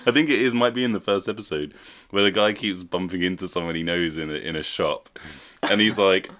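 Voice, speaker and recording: Deep-voiced laughing man. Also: brisk. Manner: laughs often, chatty and animated. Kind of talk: casual chat.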